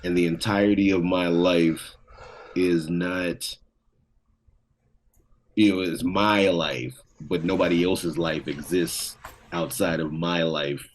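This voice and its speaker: A man's voice: sits low, steady tone, slow, long pauses, a little hiss or hum. A man co-hosting a podcast, musing in laid-back, profane casual chat over a remote call. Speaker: podcast co-host. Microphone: remote call setup.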